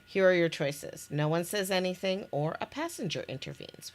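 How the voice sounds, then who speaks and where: Lively low-voiced woman reading a game. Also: moderate pace. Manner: reads scenes aloud with restarts and laughs. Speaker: game maker presenting her game. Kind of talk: casual chat, reading game text aloud.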